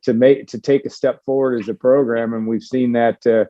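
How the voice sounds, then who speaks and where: A man's voice: mid-range voice, little pitch movement, moderate pace, dark tone, muffled recording. A man hosting a sports talk show, wrapping up the discussion and handing the floor to the other panelists. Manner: wraps up the discussion and hands off to others. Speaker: show host.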